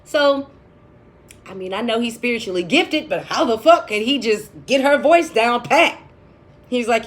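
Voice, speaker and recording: A woman's voice: on the high side, sing-song, moderate pace, a little hiss or hum. Blunt, profane woman telling a story. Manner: blunt, profane and chatty, with dramatic asides. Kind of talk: casual storytime vlog.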